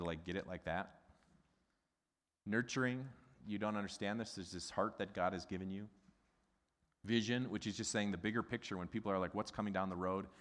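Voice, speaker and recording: A middle-aged man from the Midwest preaching a sermon in a conversational, animated way, asking the congregation questions. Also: fairly low pitch. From American Midwest. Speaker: pastor. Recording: long hall reverb.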